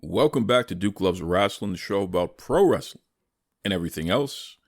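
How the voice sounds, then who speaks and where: A man's voice: low-pitched, expressive, normal speed, over music. A man hosting a wrestling podcast in a folksy, chatty way, with a tired morning voice. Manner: folksy, chatty, repeats words. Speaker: podcast host. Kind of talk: casual podcast talk.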